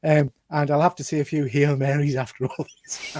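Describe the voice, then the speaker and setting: Mellow-voiced male host reading chat. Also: fairly high pitch, flat delivery, a little fast. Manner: chatty, reads viewer comments aloud with laughs. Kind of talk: casual interview chat.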